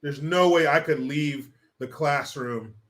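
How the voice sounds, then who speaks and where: A man's voice: fairly high pitch, measured pace, fairly bright tone. A man hosting a casual livestream, reading chat and ranting with lots of profanity and laughter. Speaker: live stream host.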